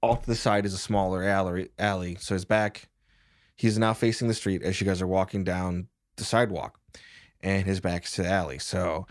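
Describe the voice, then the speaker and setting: A man's voice: low-pitched, fairly even intonation, moderate pace, dry recording, studio quality. A man narrating as game master of a tabletop game in a casual, filler-heavy way.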